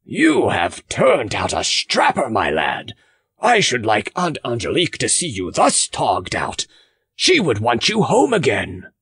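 A male audiobook reader voicing a blustering, hearty farmer who lectures with loud emphasis. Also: medium pitch, wildly swooping pitch, measured pace, husky, dry recording, studio quality, exaggerated voice. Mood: emphatic.

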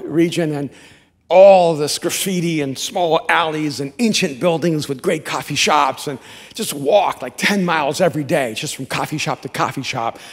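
A male pastor preaching a sermon, telling stories in a rambling, animated way with many restarts. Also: on the high side, big-room sound.

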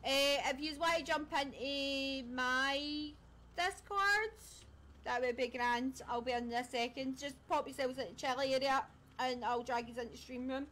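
A woman's voice: high voice, moderate pace, bright, forceful tone. A woman streaming a game live, chatting casually with viewers and friends, laughing often and a little scattered. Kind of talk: casual live-stream chat while gaming.

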